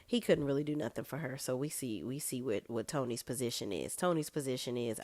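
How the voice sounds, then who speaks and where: Low-voiced sassy woman recapping TV. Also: brisk, hardly any pauses, a little mellow, no room sound, clean studio sound. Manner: sassy, blunt, slangy commentary. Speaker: TV recap vlogger. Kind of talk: casual TV episode recap.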